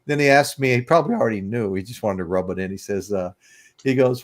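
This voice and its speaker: A man's voice: lowish voice, lively intonation, brisk. A man in his sixties from the United States, hosting a casual livestream chat and telling rambling stories with chuckles. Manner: rambling storyteller, chuckling, greets chat viewers. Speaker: livestream podcast host.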